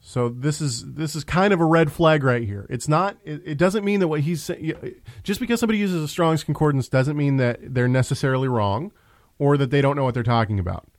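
A man's voice: a little high, brisk, no echo. A man hosting a casual religious discussion show, talking in a conversational way with frequent restarts. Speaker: host.

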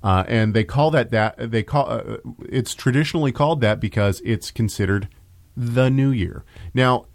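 A man's voice: medium pitch, moderate pace. A man hosting a podcast, chatty and full of restarts and asides as he reads out listener mail. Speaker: podcast host. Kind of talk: casual podcast talk.

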